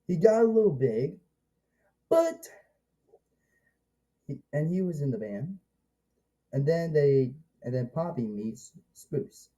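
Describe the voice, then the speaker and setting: A man giving a casual, rambling spoken movie review, halting and restarting often and breaking into excited exclamations. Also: a little high, low-quality recording.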